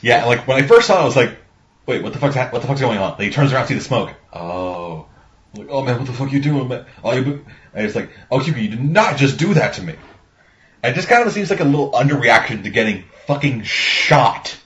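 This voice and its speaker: A man talks through movie scenes in casual chat, rambling and swearing as he goes. His voice sits mid-pitched. The recording is dull and lo-fi. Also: animated, fairly quick, fairly bright tone, a little hiss or hum. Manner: rambling, swears a lot, acts out quotes. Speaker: podcast co-host. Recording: dull lo-fi sound.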